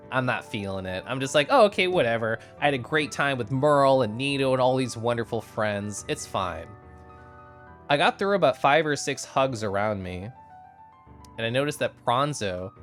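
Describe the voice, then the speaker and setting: A young man talks to his stream in a casual, chatty way, laughing easily between stories. His voice is mid-pitched and expressive, with faint music playing softly behind him. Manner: animated, laughs often, chats with viewers. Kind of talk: casual stream chat recapping a convention.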